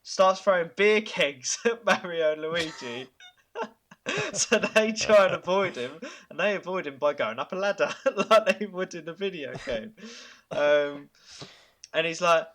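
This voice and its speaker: A man hosting a podcast, pitching ideas in casual chat, enthusiastic and chuckling, with halting fillers. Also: fairly bright tone. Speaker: podcast host.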